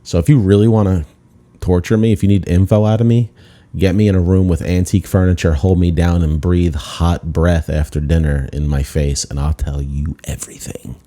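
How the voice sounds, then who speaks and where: A man's voice: low voice, fairly even intonation, normal speed, warm tone. A man, a comedian hosting his own podcast, telling a rambling, self-deprecating story with lots of restarts. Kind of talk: casual storytelling monologue.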